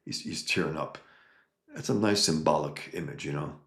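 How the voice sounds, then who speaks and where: A man's voice: a bass voice, moderate pace, gravelly, a bit bright, reverberant. A man hosting a casual livestream, reading viewer comments and talking in an emphatic, rambling way with frequent restarts. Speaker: livestream host reading chat.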